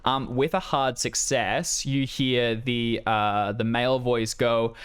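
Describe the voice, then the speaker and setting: A man narrates a tabletop game as its game master, loose and casual, with plenty of "um" and "uh". His voice is smooth and clear, in a middle pitch. He talks the players through the scene in an easy, rambling way. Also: steady tone, takes it slowly, hardly any pauses. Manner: casual, rambling with many fillers.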